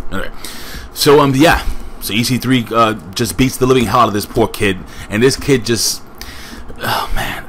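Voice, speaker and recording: Low-voiced rambling wrestling reviewer man. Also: a bit bright, a little hiss or hum. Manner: rambling, with joking asides; talks to off-camera friend. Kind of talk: casual video review.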